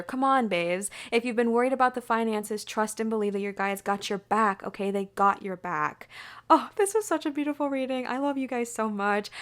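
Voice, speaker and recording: A young woman giving an excitable, gushing pick-a-card tarot reading in a chatty way. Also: a little high. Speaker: tarot reader.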